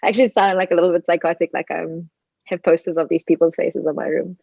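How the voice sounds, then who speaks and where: A woman's voice: fairly low pitch, fast talker, creaky, no room sound. A woman talks casually as a musician guest on a podcast, bouncing through stories and slipping into comic voices to quote people. The sound is dry and close, slightly dull and muffled. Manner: animated, slips into playful voices when quoting people. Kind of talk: casual interview chat.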